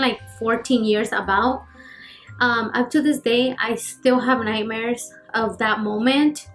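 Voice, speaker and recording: Chatty young woman telling a spooky story. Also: fairly high pitch. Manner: chatty, many fillers, acts out the scenes. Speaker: YouTuber. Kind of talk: casual storytelling while getting ready. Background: faint background music.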